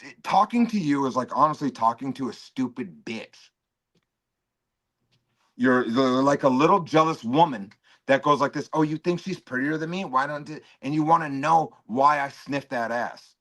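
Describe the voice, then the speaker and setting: A man's voice: medium pitch, a little slow, a bit bright. A man arguing heatedly on a livestream, aggressive and profane, mocking the other speaker. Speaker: stream guest. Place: home.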